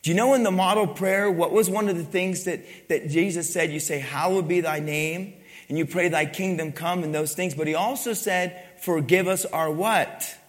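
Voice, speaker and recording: Preaching in a church hall full of long reverb, a male pastor speaks in a voice that sits high, at a moderate pace. He poses questions to the congregation and pushes his points emphatically.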